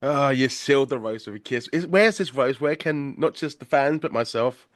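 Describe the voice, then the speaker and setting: A man's voice: mid-range voice, moderate pace, dry recording, studio quality. A British man hosting a podcast in casual chat, laughing often and swearing casually. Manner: laughs a lot, swears casually, says mate. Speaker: podcast host.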